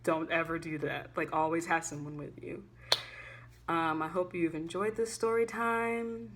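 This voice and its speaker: A young woman telling a casual storytime vlog, chatty and animated, full of "like" fillers, swinging between loud and hushed. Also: low-pitched, a little slow, background noise. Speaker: student vlogger.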